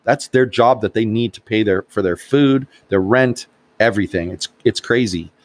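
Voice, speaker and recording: A man's voice: fairly low pitch, moderate pace, dry recording. A man hosting a podcast, talking bluntly in a casual discussion. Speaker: podcast host.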